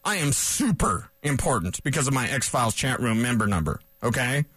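A man hosting a solo sports talk radio show in a studio, fired up and loud, rambling with sarcastic asides. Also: mid-range voice, very animated, normal speed, slightly rough, no room sound.

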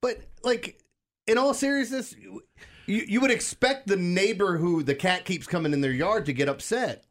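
Male radio co-host, higher voice, incredulous and animated banter. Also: moderate pace. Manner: incredulous, laughing, animated storytelling. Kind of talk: casual morning radio banter.

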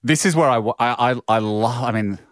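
A man's voice: mid-range voice, a little fast, no echo. Male podcast co-host, playful and jokey, dry close sound. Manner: playful, jokey, puts on silly voices. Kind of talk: casual comedic chat.

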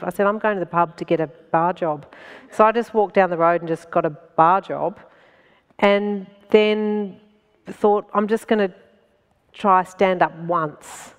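A woman with an Australian accent, a stand-up comedian telling a story as a guest in an animated way and laughing between phrases. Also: fairly low pitch, measured pace, clear, resonant tone, in a large hall. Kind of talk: anecdotal storytelling in conversation.

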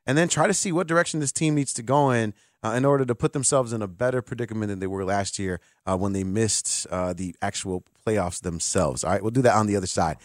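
A man hosting a sports talk radio show, lively and joking, speaking from a radio studio. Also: lowish voice, fast, hardly any pauses, dry recording. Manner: lively, joking, does voices to mock.

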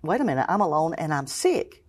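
Storytelling woman, low voice. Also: big pitch swings, a little fast, slightly rough. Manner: storytelling, acts out quoted voices, swings from hushed to exclaiming. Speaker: guest, cancer survivor. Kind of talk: emotional personal testimony.

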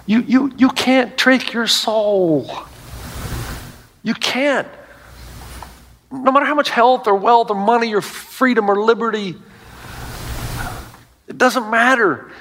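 A man's voice: very high voice, takes it slowly, pauses often, a bit bright, slight background noise. A middle-aged male pastor preaching a sermon to a congregation, telling stories with emphatic asides.

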